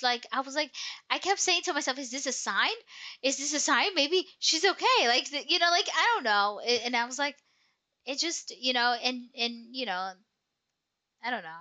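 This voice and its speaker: Bright, rambling young woman. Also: mid-range voice. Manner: rambling, emotional storytelling with many fillers. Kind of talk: casual chat.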